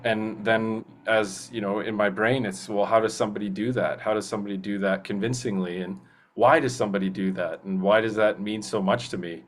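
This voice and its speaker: A young man speaks in a lowish voice as a guest in a relaxed interview. He rambles earnestly, restarting sentences and leaning on "you know." His tone stays easygoing and enthusiastic. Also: a little fast. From Canada. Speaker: guest voice actor. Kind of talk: casual interview.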